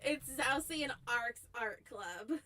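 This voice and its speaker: This woman VTuber's voice sits high, expressive, pushed and bright, and she takes her time. Chatting casually on stream, she giggles, wanders off topic and interrupts herself mid-sentence.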